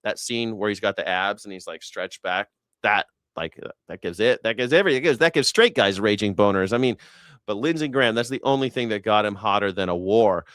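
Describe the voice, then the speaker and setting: A man's voice: on the low side, brisk, fairly bright tone, clear, resonant tone, dry recording. A man hosting a news reaction show, heckling and mocking with crude sarcasm. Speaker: host.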